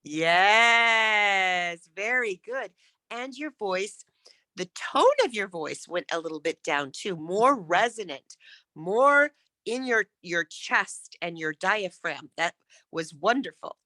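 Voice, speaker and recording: Slow, bright-voiced woman speaking coach. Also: mid-range voice, lively intonation, no echo. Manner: encouraging, demonstrates falling intonation. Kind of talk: online workshop coaching.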